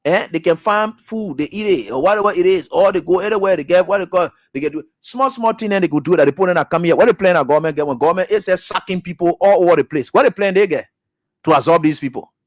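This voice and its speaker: A man with a Liberian English accent hosting a radio talk show, delivering an emphatic, repetitive, preacher-like commentary that swings between loud shouts and low mutters. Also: quick pace.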